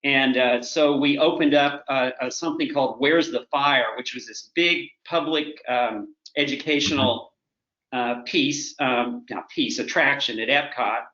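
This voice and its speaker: A man in his sixties from Oklahoma, a guest telling long stories in a halting way, full of restarts. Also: mid-range voice, sharp tone. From Oklahoma, USA. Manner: halting, with frequent restarts and fillers. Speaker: guest, retired corporate director. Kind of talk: rambling conversational storytelling. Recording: roomy, slightly dull remote recording.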